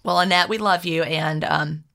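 A woman's voice: sits low, steady tone, normal speed, gravelly. A woman co-hosting a podcast, chatting casually with many restarts and fillers. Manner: warm, chatty, lots of restarts. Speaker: podcast co-host.

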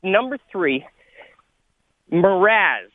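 Man, sports radio caller, breathless, lively swooping pitch, argumentative. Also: no echo. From California. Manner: animated, argumentative, rapid points. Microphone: phone. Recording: tinny phone line.

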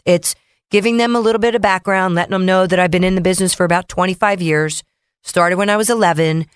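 Female mortgage officer, radio co-host, brisk and chatty, dry close mic. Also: lowish voice, steady tone, clear, resonant tone, dry recording. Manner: brisk, chatty, reels off figures. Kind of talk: casual radio talk. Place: radio studio.

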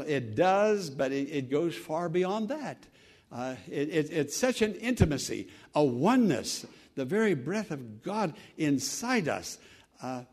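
A man preaching an earnest sermon, building to emphatic exclamations. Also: on the high side. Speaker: pastor.

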